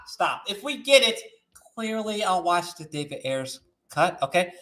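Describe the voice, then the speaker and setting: A man hosting a movie news vlog, ranting with lots of swearing and swinging from shouting to muttering. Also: a little high, sing-song, moderate pace, echoey room. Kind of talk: animated solo movie-news rant.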